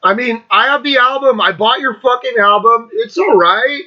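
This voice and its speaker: A man's voice: very high voice, moderate pace, lo-fi sound. A man in his fifties hosting his own show, ranting bluntly and mockingly, swearing freely and laughing often. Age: 50s. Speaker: podcast host. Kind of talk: profane rant.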